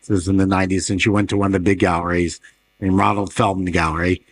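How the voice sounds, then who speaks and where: Middle-aged interviewer guy, lowish voice, quick questions, dry jokey asides. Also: flat delivery, slight background noise. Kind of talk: casual panel conversation.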